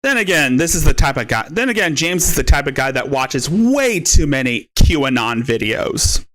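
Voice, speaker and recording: A man's voice: a little high, sing-song, normal speed, fairly bright tone. A male podcast host giving mocking, scornful commentary on a livestream.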